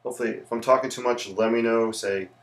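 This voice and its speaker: Speaking at a quick pace with a medium pitch and steady tone, this teaching architect sketches on a livestream. His talk is chatty, full of viewer greetings and meandering tangents.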